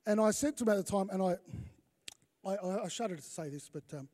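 A man's voice: sits high, animated, fast, mellow. A man, a pastor preaching a conversational sermon with self-deprecating humour. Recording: long reverb of a large hall.

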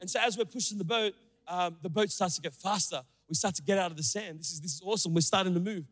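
A young man preaching a sermon, telling a story with animated, acted-out quotes. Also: fast. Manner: animated, acts out quotes with big pitch jumps. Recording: long hall reverb.

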